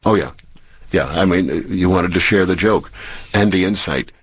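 A man, a former radio DJ, telling anecdotes in an interview in a relaxed way. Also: low-pitched, moderate pace, husky. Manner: relaxed storytelling.

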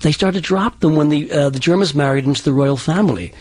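Husky-voiced dialect coach, a man. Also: a little high, quick pace, a little mellow. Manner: hesitant, many restarts. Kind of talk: interview, explaining.

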